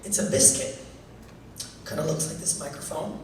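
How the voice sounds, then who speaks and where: High-voiced guy doing stand-up, lively, super echoey club, noisy, far from the mic. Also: moderate pace. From Canada. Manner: animated, joking, building to loud punchlines. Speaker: stand-up comedian. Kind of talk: stand-up comedy set. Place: comedy club stage. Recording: echoey club recorded from afar.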